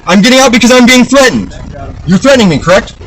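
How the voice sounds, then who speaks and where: A man's voice: very high-pitched, lively intonation, quick pace, a bit bright, low-quality recording. A man arguing with police from his car at a roadside stop, insistent, repeating himself and swearing. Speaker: driver at a traffic stop. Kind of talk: heated argument with police.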